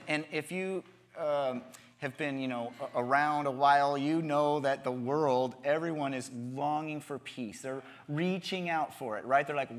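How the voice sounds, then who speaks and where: Guy pastor preaching in church, casual tone, slightly high voice, repeats himself a lot. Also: a bit bright. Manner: conversational, repeats words, acts out voices. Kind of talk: sermon.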